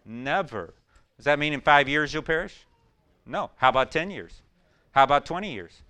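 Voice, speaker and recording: A man preaching a sermon, swinging between loud emphatic questions and quiet, low storytelling. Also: lively intonation, moderate pace, smooth.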